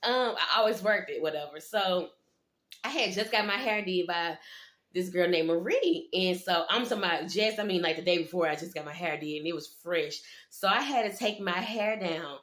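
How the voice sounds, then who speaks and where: Young woman spilling a wild story, low-ish voice, cussing a lot, roomy echo. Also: normal speed. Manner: slangy, profane, animated quoting. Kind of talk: casual storytime vlog.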